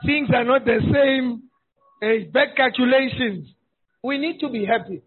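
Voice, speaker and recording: A man preaching a sermon as pastor, animated and humorous, often shouting for emphasis. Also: extremely high pitch, measured pace, slightly rough. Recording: tinny phone-like sound.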